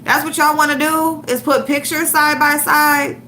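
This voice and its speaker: A woman's voice: high-pitched, little pitch movement, moderate pace, pushed and bright, a little hiss or hum. A woman hosting an online show, ranting and mocking someone with heavy profanity while she looks for a clip to show her viewers. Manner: profane, mocking, trash-talking. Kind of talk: ranting commentary livestream.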